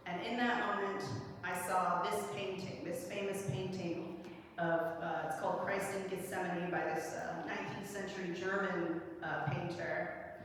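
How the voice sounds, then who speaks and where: A young woman preaching, telling a personal story in a casual, animated way with quoted dialogue. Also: fairly low pitch, moderate pace, a little hiss or hum. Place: large church sanctuary. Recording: echoey church hall from a distance.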